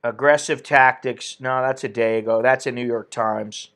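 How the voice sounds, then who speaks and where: A man's voice: mid-range voice, steady tone, normal speed, fairly bright tone. A man hosting an opinionated commentary stream, ranting indignantly and reading viewer comments aloud. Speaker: political commentary host.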